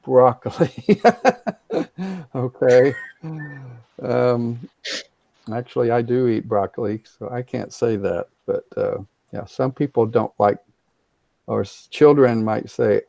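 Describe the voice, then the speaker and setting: Slow, gravelly male teacher on a call. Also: medium pitch, fairly even intonation, dark tone, dry recording. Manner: patient, repeats and explains slowly, mixes in Spanish words. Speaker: ESL teacher. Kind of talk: online class teaching.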